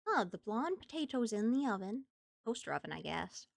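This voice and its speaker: A woman streamer in casual chat from home, animated and laughing often between thoughts. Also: a little high, moderate pace, creaky, no room sound, clean studio sound. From United States.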